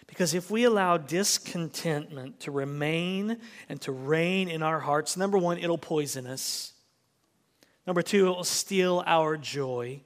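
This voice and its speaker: A man's voice: fairly high pitch, measured pace, in a large hall. A man preaching a sermon as pastor, emphatic and full of rhetorical questions, in a church sanctuary.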